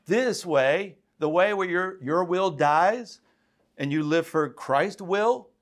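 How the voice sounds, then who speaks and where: A man's voice: high-pitched, slow. A man preaching a sermon as a pastor, building to emphatic calls and acting out quoted voices. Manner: impassioned, rising to emphatic calls.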